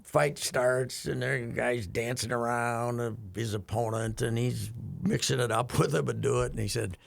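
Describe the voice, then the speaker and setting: A man's voice: medium pitch, steady tone, normal speed. An older man telling a rambling, chuckling story in casual radio chat, with frequent restarts. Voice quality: gravelly, husky. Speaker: radio show regular.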